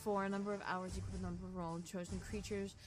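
A woman at a tabletop game reads rule text quietly and softly. Music plays clearly in the background. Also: fairly low pitch, level tone, fast. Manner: soft-spoken, reads rules quietly. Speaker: player. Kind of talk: tabletop role-play banter.

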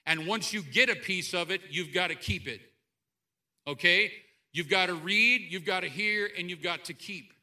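A man preaching a sermon to a church congregation, animated, swinging between loud outbursts and quiet asides. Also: high voice, normal speed. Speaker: pastor. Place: church sanctuary.

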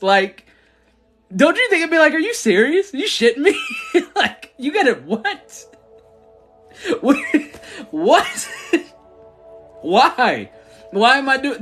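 A man's voice: high voice, fairly bright tone. A man who founded a church chats casually on a livestream, answering viewers with slangy talk and frequent laughter.

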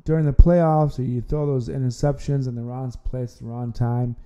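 A man's voice: medium pitch, flat delivery, normal speed, hardly any pauses, smooth, lo-fi sound. A man hosting an amateur sports podcast, talking casually and rambling, often repeating words and restarting his sentences. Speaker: podcast host.

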